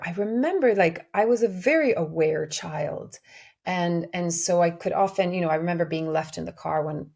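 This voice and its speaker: A woman muses aloud in a reflective spiritual podcast monologue. Her voice is low, gravelly and husky. She talks earnestly and often restarts her sentences as she searches for words. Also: a little mellow. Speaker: podcast host.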